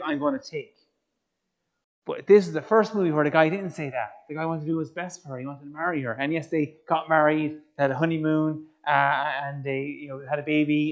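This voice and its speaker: An Irish man giving a lively, joking faith talk to young people, quizzing the audience as he goes. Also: a little high, dull audio. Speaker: youth speaker.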